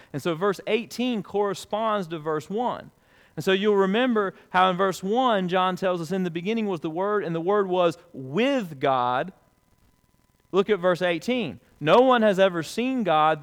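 Speaking smoothly, a male pastor gives a sermon to a congregation in a conversational, folksy style. His delivery moves from loud emphatic high points down to quiet, low-voiced lines.

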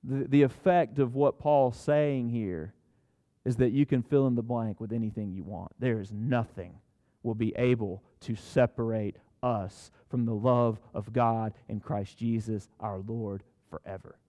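A man preaching a sermon to his church, moving from casual storytelling into loud, impassioned scripture reading. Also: mid-range voice, fairly even intonation, measured pace, long reverb tail. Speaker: pastor.

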